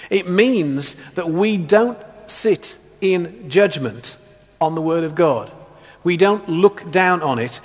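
Storytelling preacher in a reverberant hall. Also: male voice, a little high. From England, Black Country. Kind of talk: sermon.

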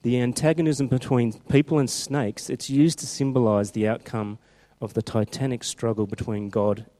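A man's voice: medium pitch, steady tone, normal speed, mellow. A man preaching a sermon in a chatty, storytelling way, reading scripture aloud with animation.

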